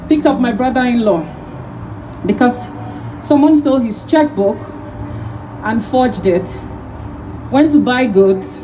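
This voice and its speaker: Slightly high and mellow, this rally speaker's voice comes through poor audio with a little hiss or hum. She's a Nigerian woman in her thirties stirring an outdoor crowd with an impassioned speech built on repeated key phrases.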